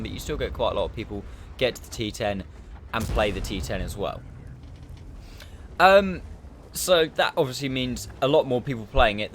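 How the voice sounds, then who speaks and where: A man giving relaxed, rambling commentary over his own gameplay, often restarting his sentences. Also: medium pitch, a little hiss or hum. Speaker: gaming YouTuber.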